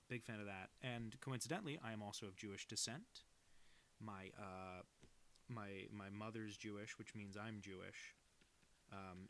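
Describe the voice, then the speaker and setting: Cartoonist on a live stream, casual rambling talk, self-deprecating, laughs easily. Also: male voice, on the low side, a bit bright, slight background noise. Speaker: cartoonist streaming his work. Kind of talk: casual live-stream chat while drawing.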